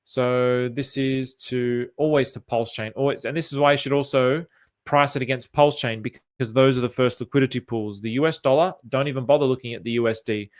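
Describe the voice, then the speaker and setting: An Australian man chatting casually on a livestream, thinking aloud with lots of fillers and restarts as he reacts to viewer comments. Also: medium pitch. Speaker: crypto chart commentator.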